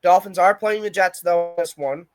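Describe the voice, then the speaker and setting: Brash high-voiced young man. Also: moderate pace. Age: young adult. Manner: brash, opinionated trash talk. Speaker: podcast co-host. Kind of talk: casual sports chat.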